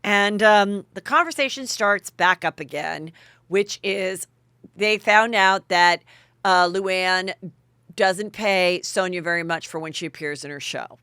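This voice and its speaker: A woman's voice: mid-range voice, a little slow, sharp tone, clear, resonant tone, dry recording, studio quality. A woman hosting a podcast, chatting gossip with sarcastic asides. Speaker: podcast host. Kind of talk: gossip commentary.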